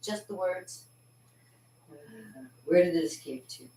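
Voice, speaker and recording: A woman's voice: fairly low pitch, takes it slowly, mellow, echoey room. A woman vlogging about cartooning in a chatty, giggly way, reading her own poetry aloud with theatrical drama.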